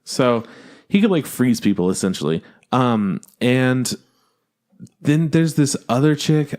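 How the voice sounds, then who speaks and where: A man's voice: mid-range voice, expressive, measured pace, darkish tone. A man co-hosting a podcast in casual chat, blunt and dismissive, swearing as he runs down the plot of a show. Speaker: podcast co-host.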